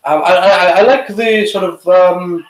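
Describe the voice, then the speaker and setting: Brief: man host, slightly raised voice, halting, opinionated chat, echoey room. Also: high-pitched. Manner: hesitant, opinionated, many restarts. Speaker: show host reviewing TV. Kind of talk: casual live reaction chat.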